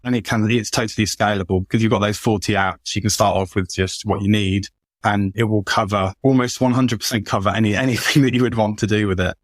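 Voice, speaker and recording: A man's voice: lowish voice, steady tone, fast talker, no room sound. A man, a guest consultant talking casually on a podcast, often repeating words as he goes. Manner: chatty, repeats words and restarts a lot.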